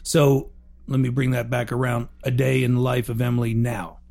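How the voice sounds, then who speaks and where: A man's voice: mid-range voice, flat delivery, moderate pace, creaky, a little mellow. A man hosting a podcast, a coach asking questions in a rambling, joking way with many fillers. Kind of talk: casual interview chat.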